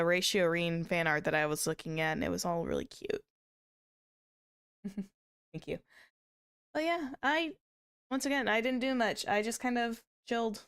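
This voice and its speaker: A woman's voice: medium pitch, fairly bright tone, clean tone. A woman streamer chatting casually with viewers, rambling with many restarts and small laughs. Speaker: VTuber streamer.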